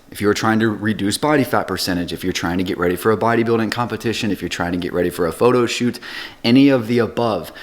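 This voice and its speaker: A man in his thirties, a fitness coach, talking casually to camera with relaxed fillers. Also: fairly low pitch. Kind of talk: casual vlog chat.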